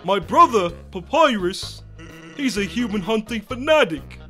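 Give me a man doing a cheeky skeleton with a put-on London slang accent, lively and laid-back. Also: high-pitched, a little slow, faint music behind. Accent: London-style slang put-on. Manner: laid-back, cheeky, keeps saying bruv. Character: lazy joking skeleton man with British slang.

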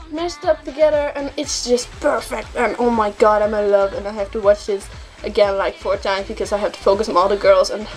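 A young woman reacting to a music video, gushing and gasping, with excited exclamations again and again. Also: a little high. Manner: gushing, gasping, repeats oh my god. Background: music playing.

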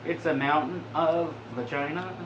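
A young man rambles crude jokes as host of a laid-back, stoned session. His voice sits a little high. The sound is dull and roomy, with faint ambience underneath. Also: fairly even intonation, normal speed, a little hiss or hum. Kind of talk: casual stoned commentary.

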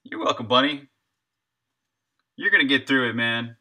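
A man talks through his work on a live stream in an easy, rambling way, answering viewers and laughing lightly as he goes. His voice sits at an ordinary pitch for a man. Its tone is strikingly bright and keen. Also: animated, moderate pace, pauses often. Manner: thinks aloud, answers chat, chuckles often. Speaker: indie game developer streaming. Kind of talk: casual live-stream chat while working.

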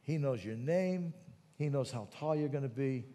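A man preaching a sermon, moving between quiet teaching and loud, fervent calls to prayer. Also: medium pitch, animated, moderate pace, big-room sound. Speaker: pastor.

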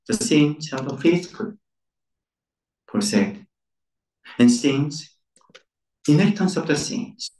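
Speaking with a dark tone at medium pitch, a male pastor gives an emphatic sermon at a church centre, repeating key words with mounting stress. The recording catches him from a distance in an echoey room.

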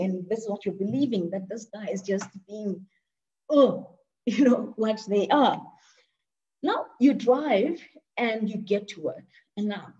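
She runs an online discussion, putting questions to the audience and frequently repeating words as she works through her thoughts. The woman's mid-range voice has a warm tone, and the highs are cut off.

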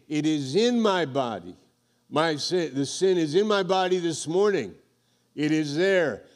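A male pastor preaching a sermon, reading scripture aloud and building emphatically toward loud high points. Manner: reads scripture aloud to the congregation.

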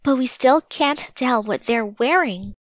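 Woman reading a bold, eager kid girl, a touch higher, dull dry recording. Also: no echo. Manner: excited, quick to act.

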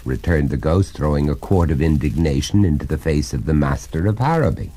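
A man narrating a spooky story in a theatrical, measured manner on a record. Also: rumbling low, animated, dark tone, breathy edge. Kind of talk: dramatic horror story reading.

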